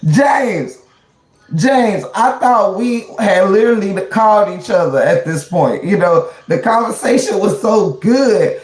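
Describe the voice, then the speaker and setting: A woman's voice: medium pitch, expressive, a little slow, darkish tone, echoey room. A woman hosting a casual livestream, slangy and preachy, often exclaiming "child" and "Lord". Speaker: livestream host.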